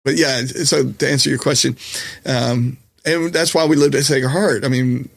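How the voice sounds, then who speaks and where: A man's voice: medium pitch, steady tone, normal speed, creaky, dry recording. A man with a Southern US accent, a comedian and musician, telling rambling, self-deprecating stories with lots of fillers in casual chat. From Colorado. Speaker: podcast guest, comedian and musician.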